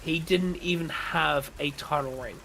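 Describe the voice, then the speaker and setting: A man's voice: fairly high pitch, unhurried, vocal fry, pushed and bright, a little hiss or hum. A man chatting on a gaming stream, ranting with strong opinions and frequent swearing. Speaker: streamer co-host. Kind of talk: casual chat during a gaming stream.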